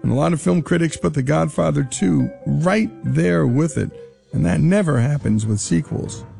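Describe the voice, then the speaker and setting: Male radio host, gravelly and mellow, emphatic, between segments. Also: a little high. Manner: enthusiastic, emphatic. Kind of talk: broadcast commentary.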